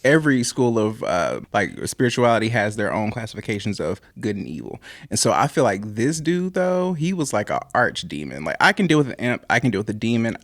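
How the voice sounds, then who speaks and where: A man's voice: lowish voice, sing-song, fairly quick, few pauses, a bit bright, no echo, studio quality. A young man telling a personal story in a casual podcast chat, rambling and laughing often. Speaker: podcast guest.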